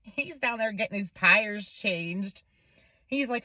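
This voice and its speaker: Animated, foul-mouthed woman telling a story. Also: medium pitch, takes it slowly, no room sound, dull audio. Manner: animated, heavily profane, laughs through the story. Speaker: vlog host. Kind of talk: casual storytelling monologue.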